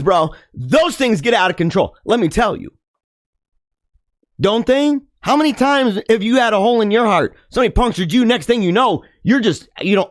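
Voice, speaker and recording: A man delivering an impassioned monologue to his listeners, preachy and dramatic, laughing often and swinging from loud to hushed. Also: high voice, no echo, clean studio sound. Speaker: podcast host.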